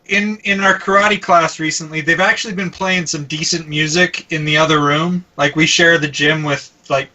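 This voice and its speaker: Bright-voiced man, off mic, stumbling and laughing. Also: a little high, fairly even intonation, distant mic, poor audio. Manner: halting, laughs often, stumbles over words. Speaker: podcast co-host reading listener email. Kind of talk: casual podcast chat.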